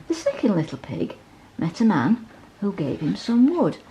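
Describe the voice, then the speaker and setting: Woman, bedtime storyteller, gentle, points out pictures, lively pitch swings, dark mellow tone. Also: normal speed, creaky, a little hiss or hum, low-quality recording. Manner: gentle, asks the child to look at pictures.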